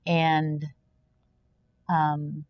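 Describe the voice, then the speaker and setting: Earnest lower-voiced woman sharing testimony. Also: monotone, very slow, lo-fi sound. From Kansas, USA. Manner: earnest, preachy, often voices imagined dialogue. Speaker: podcast guest. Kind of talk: personal faith testimony in conversation.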